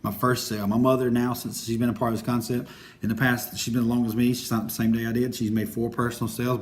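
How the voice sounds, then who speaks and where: A young man giving an energetic sales training talk, acting out quick phone invitations. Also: mid-range voice.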